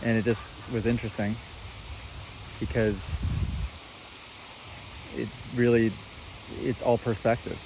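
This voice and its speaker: A man talking casually in a vlog, coaching a young rider and then musing in a relaxed, reflective way in his backyard. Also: medium pitch, takes it slowly, pauses often, noisy background. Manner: coaching calls to a child rider; hushed, almost whispering. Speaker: vlogger and motocross coach. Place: outdoors at home, backyard.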